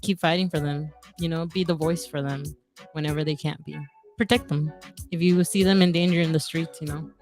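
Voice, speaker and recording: A woman's voice: sits low, fairly even intonation, a little fast, darkish tone, faint music behind. A young woman co-hosting a casual podcast, easygoing and slangy, laughing often as she tells stories. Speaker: podcast co-host.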